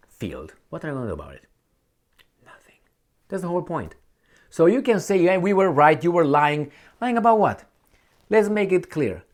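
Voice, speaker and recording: A man delivering a heated political opinion monologue, blunt and sarcastic, firing off rhetorical questions. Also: medium pitch. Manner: combative, blunt. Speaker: political commentator.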